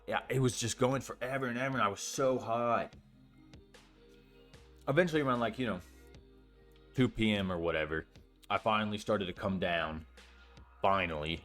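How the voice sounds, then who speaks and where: A man's voice: lowish voice, moderate pace, long pauses, fairly bright tone, faint music behind. A young man telling a story in a casual vlog, rambling with lots of fillers and swearing freely. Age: young adult. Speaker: storytime vlogger.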